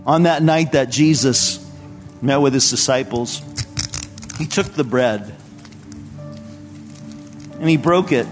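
Male pastor, mid-pitched voice, relaxed storytelling sermon, faint music underneath. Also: takes it slowly, long pauses, long reverb tail. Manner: conversational, earnest storytelling. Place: church service.

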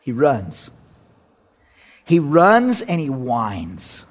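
A male pastor with a notably high-pitched voice delivers a sermon. He tells the story with animated energy and acts out the characters. He moves between forceful emphasis and hushed, intimate asides. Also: moderate pace. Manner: swings between loud emphasis and quiet asides.

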